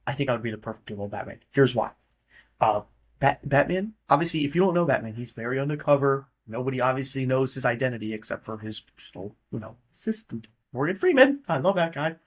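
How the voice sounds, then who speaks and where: A man talks alone into the mic in an easygoing, loose monologue. He rambles from thought to thought, sounds offhand, and swears casually. His voice sits at an ordinary middle pitch for a man. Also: animated, fast. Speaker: podcast host.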